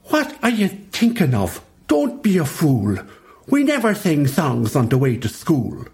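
A man's voice: on the high side, expressive, measured pace, pitched above the performer's own voice. A man with an Irish accent voicing a bossy, stern young girl dinosaur who scolds her little brother. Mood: cross. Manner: scolding, sharp.

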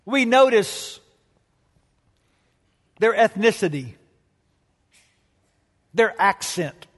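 Male preacher, high voice, slow deliberate delivery, long church reverb. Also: animated. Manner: emphatic, dramatic pauses, storytelling. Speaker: pastor. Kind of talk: sermon.

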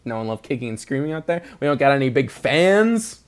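A man's voice: medium pitch, big pitch swings, brisk, clean tone. A young man hosting a podcast, chatting casually, rambling through jokes and laughing often. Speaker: podcast host. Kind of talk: casual chat.

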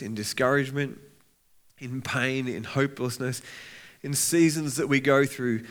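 A man preaching a sermon as a pastor, earnest and heartfelt, reading scripture aloud with rising intensity and often restarting his words. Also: mid-range voice. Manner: frequent restarts and repeated words.

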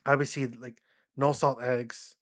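In casual podcast chat, this young co-host winds through meandering anecdotes, using "like" constantly and performing the voices of the people he quotes. He speaks at a measured pace in a flat, medium-pitched voice.

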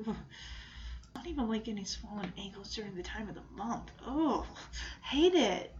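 A woman's voice: medium pitch, lively intonation, normal speed, darkish tone, highs cut off. A woman gushing enthusiastically as she recaps a sitcom episode in casual talk. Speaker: show recap host.

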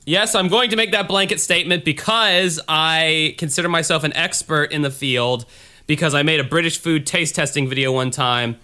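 Podcast guy, slight southern twang, bright crisp voice, goofy rambling humor. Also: normal speed. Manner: joking, lowbrow humor, rambling asides. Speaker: podcast co-host. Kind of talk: casual podcast chat.

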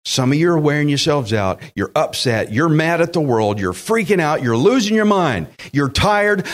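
A man's voice: on the high side, very animated, moderate pace, hardly any pauses. A man preaching a sermon, emphatic and direct, acting out quotes and speaking to listeners as friends. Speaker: pastor.

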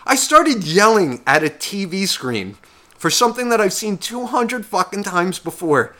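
A man's voice: sits high, big pitch swings, normal speed, pushed and bright. A young man co-hosting a podcast, telling a long story in a heated, swearing casual rant. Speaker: podcast co-host.

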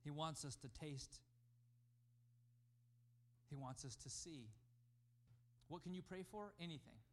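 A man preaching a sermon as pastor, emphatic, rising and falling in loudness. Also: a little high, takes it slowly.

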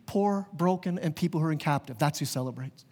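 A man's voice: on the high side, a little fast, a little mellow. A man preaching a sermon as pastor, earnest and conversational, with vivid everyday examples. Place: church sanctuary. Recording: long reverb of a large church hall.

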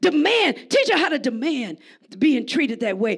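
High, gravelly woman preaching a sermon. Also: very animated, moderate pace. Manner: emphatic, conversational, often shouting to the congregation.

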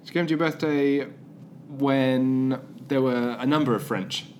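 A man's voice: medium pitch, steady tone, measured pace, a little hiss or hum. A man co-hosting a podcast, chatting casually and telling a rambling, playful story full of jokey tangents. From England. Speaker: podcast co-host. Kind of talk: casual chat.

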